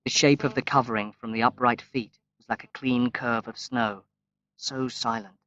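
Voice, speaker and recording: A man reading a graded-reader story aloud as audiobook narration, slow and measured with long pauses. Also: mid-range voice, fairly even intonation, sharp tone. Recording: dry, slightly dull lo-fi recording.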